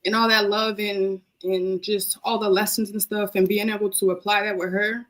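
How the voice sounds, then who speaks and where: A woman's voice: medium pitch, level tone, moderate pace, a bit bright, rough recording. Emotional young woman, casual heartfelt talk. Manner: emotional, heartfelt, repeats phrases. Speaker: podcast guest. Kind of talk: casual chat.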